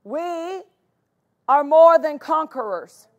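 A woman's voice: high-pitched, expressive, slow. A woman pastor preaching a sermon, stressing and repeating key phrases with emphatic conviction.

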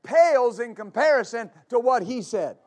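A man's voice: very high-pitched, animated, moderate pace, a little mellow. A man preaching a sermon as pastor, fervent and repetitive, stammering on restarts and calling for answers from the congregation. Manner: call-and-response with congregation.

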